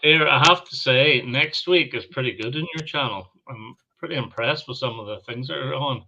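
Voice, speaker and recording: A man's voice: mid-range voice, normal speed, creaky, bright, forceful tone, highs cut off, slight background noise. A British man co-hosting a live stream, chatting casually and laughing often. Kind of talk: casual chat.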